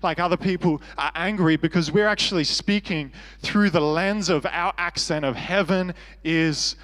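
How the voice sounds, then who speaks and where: Aussie pastor guy preaching, kinda high voice, earnest but jokey, long echo like a big church hall. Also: normal speed, a bit bright. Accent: Australian. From Australia. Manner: earnest, conversational preaching with self-deprecating humor. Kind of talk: sermon.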